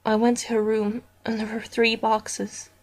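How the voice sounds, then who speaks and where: Woman narrator for a horror story reading; higher voice, unhurried, deliberate delivery. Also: monotone.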